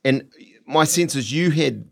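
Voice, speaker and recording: A man's voice: medium pitch, measured pace, creaky. A man with a West Auckland accent hosting a casual interview, chatty, with stammering restarts. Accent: New Zealand, West Auckland. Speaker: podcast host.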